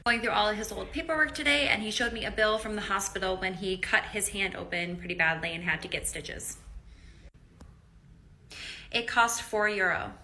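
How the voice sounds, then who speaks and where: A woman telling a short story with a lively, joking delivery. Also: medium pitch, moderate pace. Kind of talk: storytime clip. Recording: faint background noise.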